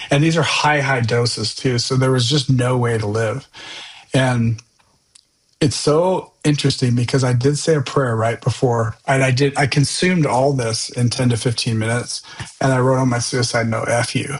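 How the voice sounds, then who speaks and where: Male podcast guest, earnest and candid, middling pitch, loose conversational testimony. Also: fairly even intonation, moderate pace, poor audio. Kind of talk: personal testimony storytelling.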